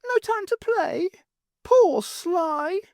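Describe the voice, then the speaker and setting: A woman's voice: very high-pitched, lively intonation, extremely slow, darkish tone, no room sound, studio quality, voice pushed up, heavily acted. A woman voicing a mischievous little green male imp in a storybook reading, sing-song and wheedling. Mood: disappointed.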